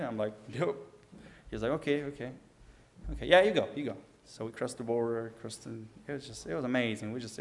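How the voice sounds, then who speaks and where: Mężczyzna z ukraińskim akcentem, opowiada. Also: male voice, medium pitch. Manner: earnest, frequent restarts, acts out quoted dialogue. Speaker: storyteller giving testimony. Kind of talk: personal testimony, casual storytelling.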